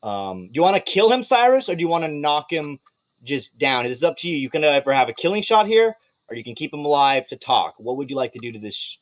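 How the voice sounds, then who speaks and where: Animated, swearing game master man. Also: fairly high pitch, quick pace. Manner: animated, swearing, breaks into laughs. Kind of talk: narrating a live tabletop game.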